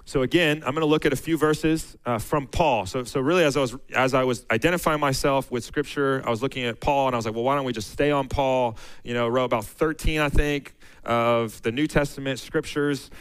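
A man's voice: mid-range voice, fairly even intonation, a little fast, smooth, low-quality recording. A man preaching a sermon to his church, casual and conversational, often restarting phrases and reading scripture aloud with rising emphasis.

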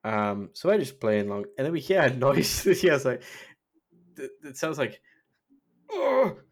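A man's voice: medium pitch, expressive, normal speed. A young man co-hosting a podcast over an online call, telling anecdotes with frequent "um"s and a tendency to giggle. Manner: giggly anecdote teller, trails off with "um". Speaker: podcast co-host. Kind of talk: casual storytelling chat.

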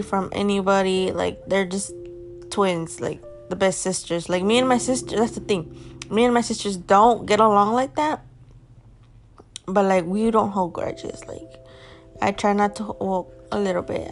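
A woman's voice: medium pitch, fairly even intonation, moderate pace, soft background music. A young adult woman telling a personal story to her viewers in a casual, rambling way, filling her talk with "like" and swearing bluntly. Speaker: vlogger.

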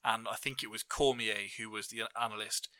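A man's voice: fairly low pitch, brisk, no echo. A man hosting a casual podcast chat with friends, telling stories with lots of laughs. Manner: lively storyteller, laughs often. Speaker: podcast host.

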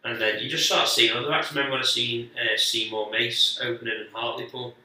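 A man's voice: medium pitch, steady tone, fairly quick, sharp tone, distant mic. A man, a guest comedian telling rambling, sweary stories in casual chat with lots of restarts. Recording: very echoey, off-mic.

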